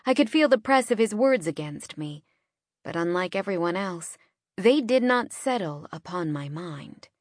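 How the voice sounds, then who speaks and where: A woman narrates a first-person audiobook in a tense, dramatic storytelling style, dropping into hushed moments. Her lowish voice is expressive and moves at a normal speed. She is recorded close on a studio mic, with no echo.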